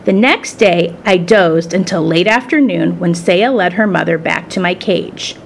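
A woman reading a children's story aloud in the first person, with expressive storytelling. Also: fairly low pitch, measured pace, creaky, slight background noise. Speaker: storybook reader.

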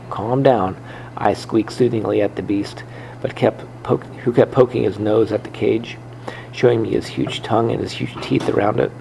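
A man reading a children's book aloud in first person, unhurried, with occasional slips and rereads. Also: lowish voice, gravelly, darkish tone, slight background noise, low-quality recording. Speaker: reader.

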